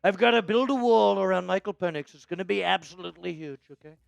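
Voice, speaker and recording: A man's voice: high voice, quick pace, gravelly, dry recording, muffled recording. A man doing an impression of a boastful male politician, full of grand promises and repeated superlatives. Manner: bragging, repetitive superlatives.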